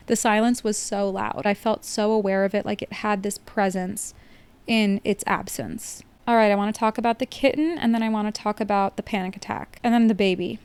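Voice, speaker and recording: A woman talks through a film in a relaxed, reflective way, often leaning on "like" as she thinks aloud. Her voice is smooth and resonant and sits at a middle pitch. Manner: reflective, chatty, many "like" fillers. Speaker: film reviewer. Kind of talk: casual spoken film analysis.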